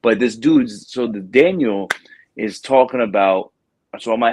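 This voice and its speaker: A man hosting a podcast, telling a story in a casual, lively way and acting out the people in it. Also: fairly low pitch, normal speed, breathy edge, dry recording. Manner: animated storyteller, acts out quoted people. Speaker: podcast host.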